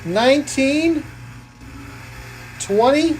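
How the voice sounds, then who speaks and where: In a high, animated voice that draws out words, a woman provides live-stream commentary on a coin-pusher game. She jokes playfully and counts the totals aloud, with background noise behind her.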